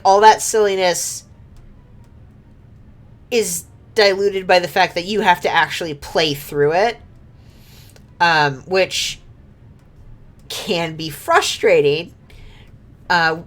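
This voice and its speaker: Slow-talking woman streamer, low voice. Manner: rambling, laughs often, many filler words. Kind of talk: casual gameplay chat.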